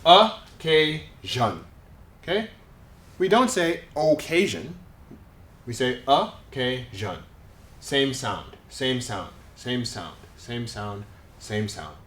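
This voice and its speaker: A man teaching English pronunciation, native speaker, demonstrating words slowly and with clear, exaggerated stress. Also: medium pitch, animated, fairly bright tone, reverberant. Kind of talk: pronunciation lesson.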